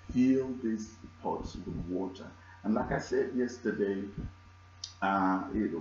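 Male pastor, sermon, chatty scripture retelling, roomy muffled sound. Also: fairly low pitch. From South Africa. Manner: retells scripture in casual dialogue, many fillers. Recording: echoey, dull church recording.

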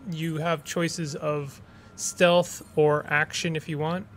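A man's voice: on the high side, level tone, slow, a bit bright, a little hiss or hum. A man streaming a video game, chatting casually and rambling with restarts as he plays. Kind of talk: casual gameplay commentary.

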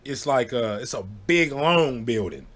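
Animated male storyteller, casual delivery with loud high yelps on quoted lines. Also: a little slow.

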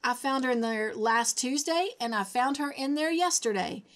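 Lady doing a furious old farmer guy, spluttering and indignant, voice jumps up high. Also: moderate pace, natural voice. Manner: spluttering, indignant, repeats "miss". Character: short fat bald irate old farmer man.

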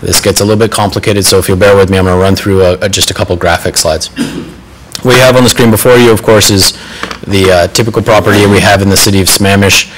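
Male staff presenter at a public council meeting, steady and explanatory, somewhat low pitch. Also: fast talker, slight background noise, rough recording. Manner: methodical, apologetic about slide errors. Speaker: city planning staff presenter.

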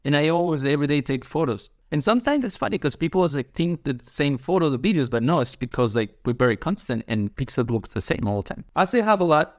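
Eager pizza chef, dry sound. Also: male voice, fairly high pitch, animated, fast, hardly any pauses, no echo. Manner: eager, rambling, non-native phrasing. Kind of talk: casual interview answers.

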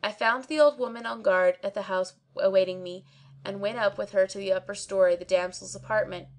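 A woman reading a classic tale aloud as an audiobook narrator. Her delivery is measured and steady, with a mid-range pitch, carrying archaic phrasing at an even storytelling pace. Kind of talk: scripted narration.

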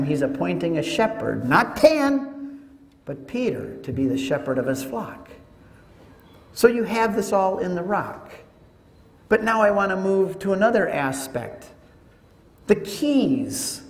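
A man giving a teaching talk to an audience, telling it as an animated story with joking asides. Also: high-pitched, a little slow. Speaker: Catholic speaker. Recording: echoey hall with long reverb.

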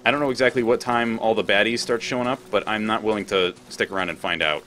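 A man's voice: on the low side, fast talker, pushed and bright, a little hiss or hum. A man commentating his gameplay, rambling, thinking aloud and swearing freely. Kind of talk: let's play commentary.

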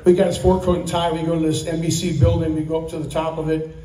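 Speaking at a normal-to-quick clip in a level tone, a retiree in his sixties tells story after story in a rambling thank-you speech, laughing softly throughout. His voice is mellow and a touch high, captured from a distance in a reverberant room with faint background hum.

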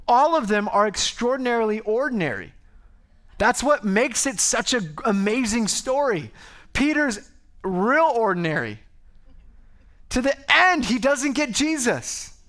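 A male pastor preaching a sermon to a congregation at a church service, in a conversational, animated way, often breaking off and restarting. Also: on the high side. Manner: conversational, animated, self-interrupting.

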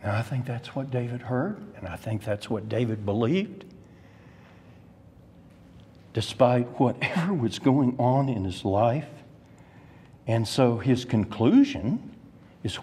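A man's voice: medium pitch, big pitch swings, slow pace, long pauses, dark tone, husky. A man teaching an adult Sunday school class in a church. He stresses key words and puts questions straight to the class. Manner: emphatic, rises sharply on key words; addresses the class directly with questions. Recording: long reverb of a church hall.

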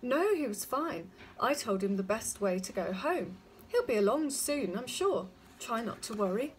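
A woman's voice: on the high side, very animated, unhurried, slight background noise. A woman voicing a kind, polite male hedgehog neighbour in a children's storybook reading. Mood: kindly. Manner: polite, friendly.

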